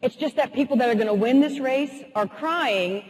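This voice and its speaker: Woman quoting a calm male team captain. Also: high-pitched, normal speed, breathy edge, in a large hall, poor audio. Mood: reassuring. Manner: calm, reassuring.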